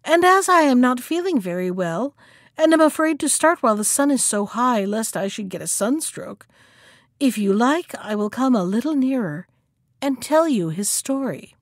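A woman voicing a clever male monkey who talks with breezy, mocking calm in a storybook reading. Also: on the high side, moderate pace, no room sound, studio quality. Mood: teasing.

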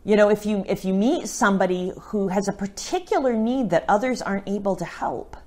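A woman's voice: mid-range voice, fairly quick, darkish tone. Middle-aged woman, missionary, teaching scripture in a chatty way, mid-range voice, often asks "right?". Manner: conversational, often checks in with a tag question. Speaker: Catholic missionary and evangelist. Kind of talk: informal teaching talk on scripture.

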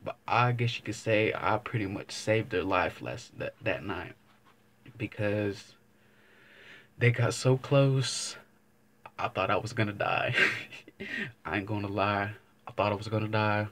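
A man's voice: on the low side, measured pace, pauses often, a bit bright. A young man vlogging, telling a casual story to camera, rambling and swearing, often circling back with "but anyways.". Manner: rambling, profane, keeps saying "but anyways".

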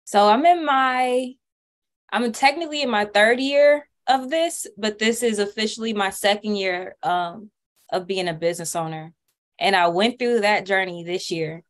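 A young woman speaks earnestly at a community panel about running her catering business. She talks candidly and stumbles into restarts as she gathers her thoughts. Her voice sits at an ordinary middle pitch for a woman. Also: normal speed. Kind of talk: panel discussion storytelling. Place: community workshop room.

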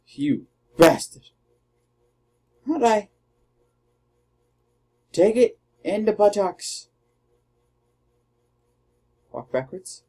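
Taunting high-voiced man gaming. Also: sing-song, extremely slow, long pauses. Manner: trash-talking, taunting, shouting battle cries. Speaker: gamer. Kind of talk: let's play commentary.

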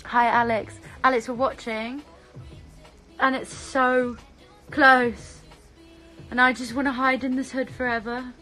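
A young woman from the UK chatting on a phone livestream, bubbly and excitable, reading out viewers' comments. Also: high voice, a little slow, long pauses, soft background music. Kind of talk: casual live stream chat.

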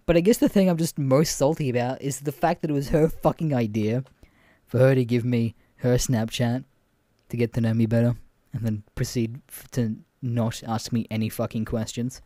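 A man's voice: mid-range voice, fairly even intonation, moderate pace, warm tone, no room sound. A young man hosting a podcast, casually retelling dating stories with lots of swearing and laughter. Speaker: podcast host. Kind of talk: casual storytelling chat.

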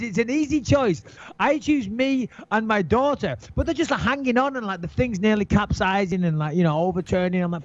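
A man in an interview telling a story in a casual way. He is animated, swears a lot and acts out his own panicked thoughts. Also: high-pitched, a little fast, no room sound. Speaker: interview guest. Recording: dull, dry recording.

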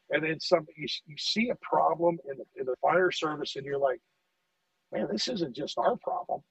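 Gravelly man telling stories. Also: on the high side, no room sound, recorded from a distance. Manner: animated storyteller, acts out quoted dialogue, repeats words. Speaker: fire lieutenant guest. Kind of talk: casual podcast conversation. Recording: dull dry audio, off-mic.

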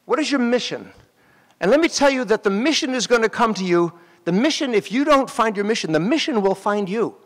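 A man, an actor, giving a graduation speech and telling animated stories straight to the graduates at the ceremony. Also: high-pitched, fairly quick. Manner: animated storytelling, addressing graduates directly. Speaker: commencement speaker. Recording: long hall reverb.

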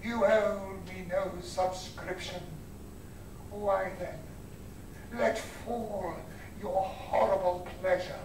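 A man playing a raging old king defying a storm, in old-fashioned declamatory stage style with old-fashioned received pronunciation, slow and held with sudden shouts. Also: sits high, level tone, background noise. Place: university lecture hall. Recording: roomy hall heard from far off.

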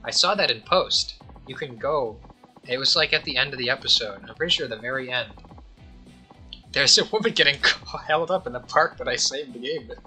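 Bright-voiced jokey gameplay commentator man. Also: medium pitch, a little fast, soft background music, poor audio. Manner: jokey, laughs often, reads game dialogue aloud in playful voices. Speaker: let's player.

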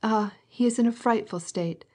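A woman's voice: a little high, moderate pace, darkish tone, slightly rough, pitched above the performer's own voice. A woman voicing a tearful, fretful older noblewoman who speaks in pleading, breathless exclamations.

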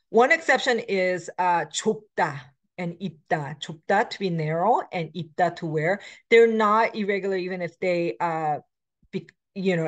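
A middle-aged woman giving a recorded lecture as a language instructor, explaining grammar patterns with many fillers and self-corrections, reading example words aloud between her explanations. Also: on the low side. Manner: switches between English and Korean examples.

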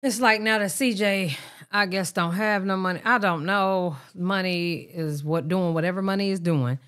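A woman's voice: medium pitch, normal speed, fairly bright tone, clean tone. A woman hosting a reaction video, making casual, hesitant comments. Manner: laid-back, hesitant asides. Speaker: reaction channel host.

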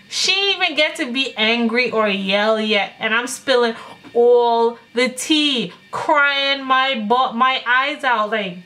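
A young woman talks straight to her viewers in a casual vlog storytime. She tells it with lively slang, jumping into other people's lines as she goes. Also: fairly high pitch, takes it slowly. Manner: animated storyteller acting out quotes. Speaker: vlogger.

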